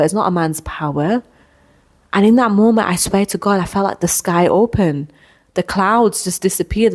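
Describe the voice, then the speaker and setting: Earnest woman host telling her story. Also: on the low side. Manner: emotional, earnest, quick restarts and repeated words. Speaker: podcast host. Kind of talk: personal storytelling.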